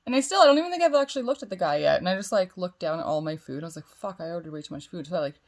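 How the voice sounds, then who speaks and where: A woman's voice: lowish voice, expressive, racing. A young woman vlogger telling a long personal story in a chatty way, swearing freely and acting out the dialogue. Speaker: spiritual vlogger. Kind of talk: casual storytelling.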